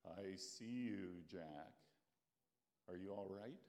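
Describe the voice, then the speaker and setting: A man voicing God as a calm, patient figure, speaking low and quiet. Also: slow pace.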